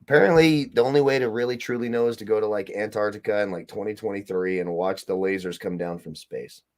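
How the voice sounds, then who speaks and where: A man's voice: lowish voice, quick pace, darkish tone. A man co-hosting a sports podcast, talking casually and ranting with heavy swearing. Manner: profane, ranting. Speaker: podcast co-host.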